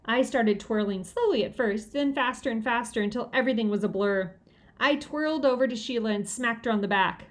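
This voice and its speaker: A woman narrating a children's novel aloud in a lively, expressive way. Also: on the high side, fairly quick. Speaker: audiobook reader.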